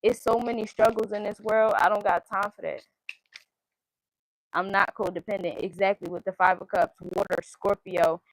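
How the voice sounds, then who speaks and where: A woman's voice: mid-range voice, steady tone, moderate pace, a little hiss or hum, poor audio. A woman giving a casual tarot reading, listing card meanings in a chanting cadence and speaking her mind bluntly, with frequent swearing. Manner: blunt and outspoken, swears freely. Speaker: tarot reader.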